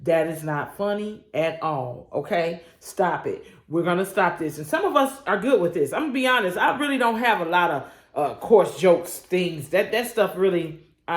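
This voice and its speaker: A woman leading a morning devotion on her own channel, preaching with call-and-response energy and folksy asides. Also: lowish voice. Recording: roomy echo.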